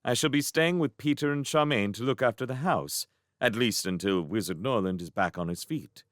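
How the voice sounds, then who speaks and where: A man voicing a brisk, efficient, bossy witch and mother in a storybook reading. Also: mid-range voice, a bit bright, dry recording, clean studio sound, close to an everyday voice.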